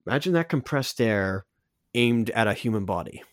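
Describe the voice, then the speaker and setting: A man's voice: medium pitch, animated, moderate pace, no echo, clean studio sound. A man co-hosting a podcast, casually breaking down a cartoon scene by scene in a rambling way, with many restarts and fillers. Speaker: podcast co-host.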